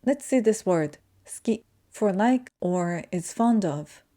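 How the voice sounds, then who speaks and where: A woman whose first language is Japanese gives a pronunciation lesson, speaking slowly and carefully as she demonstrates sounds. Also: mid-range voice, expressive, dark tone. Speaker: language teacher.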